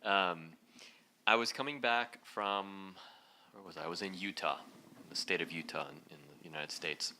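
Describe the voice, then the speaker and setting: A man giving an inspirational talk to a live audience, telling a story in a lively way and laughing often. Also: deep voice, normal speed, a little hiss or hum. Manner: animated, laughing as he acts out the story. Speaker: speaker leading a heart talk. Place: event hall.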